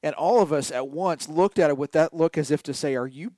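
Animated storytelling man, dry sound. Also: on the high side, brisk, dry recording. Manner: animated storyteller, stretches key words. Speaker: podcast co-host. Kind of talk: casual sports chat.

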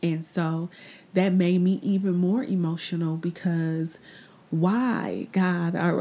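A woman hosting a personal faith podcast, talking candidly and reflectively, often trailing off into soft, breathy asides. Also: fairly low pitch, fairly even intonation. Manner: repeats phrases, trails off into pauses. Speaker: podcast host.

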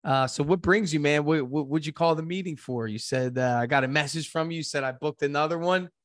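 Upbeat hoarse male podcast host. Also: fairly high pitch, a little fast, dry recording, clean studio sound. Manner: upbeat, direct, promotional. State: hoarse, losing his voice. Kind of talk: casual podcast interview.

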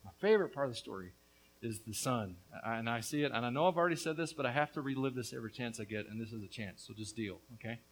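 A man preaching a sermon as a pastor, earnest with casual asides, his voice swinging between hushed and loud. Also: medium pitch, animated, fast talker, rough recording.

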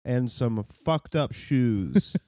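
A man co-hosting a casual comedy chat, tossing in deadpan jokes and quick asides. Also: medium pitch, no echo, studio quality. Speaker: podcast co-host.

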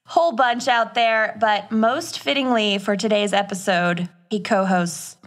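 A woman's voice: medium pitch, a little slow. A woman co-hosting a podcast, chatting casually and giggling often. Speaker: podcast co-host. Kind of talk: casual chat.

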